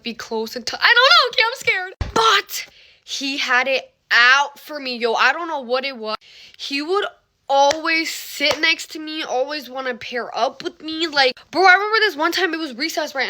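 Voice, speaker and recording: A young woman telling a casual story, animated and dramatic, full of fillers, dropping into whispers and jumping to shrieks. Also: high-pitched.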